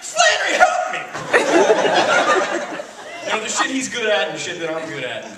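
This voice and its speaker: A high-voiced man tells stories to a convention crowd, swinging his pitch all over and cursing as he mimics others. He is heard from far off in a roomy hall over a loud audience. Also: rapid-fire, very noisy. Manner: profane, animated, mimics voices while telling stories. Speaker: convention panel guest. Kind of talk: storytelling Q&A with audience.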